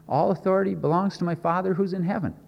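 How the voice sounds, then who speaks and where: A man voicing a calm, unafraid male teacher who speaks quietly, in a reverberant hall. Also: high-pitched, fairly quick, creaky, muffled recording, voice pushed up.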